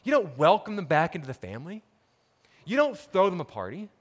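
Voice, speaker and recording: A man's voice: high voice, wildly swooping pitch, fairly quick. A man preaching a sermon, telling a parable dramatically and acting out the characters' words. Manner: dramatic storytelling, acts out quoted characters. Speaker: pastor.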